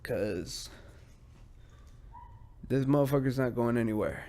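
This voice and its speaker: A man's voice: medium pitch, expressive, slow pace, gravelly, a little mellow. Profane rambling male podcast host. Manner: easily distracted, drifts off mid-sentence. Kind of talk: solo podcast chat.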